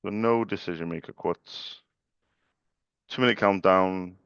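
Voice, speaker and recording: A man's voice: sits low, fairly even intonation, normal speed, smooth, dry recording, muffled recording. A young man making sales calls and chatting casually to camera, polite and chatty, with frequent stammered restarts. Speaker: small business owner making sales calls. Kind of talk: casual vlog with live phone calls.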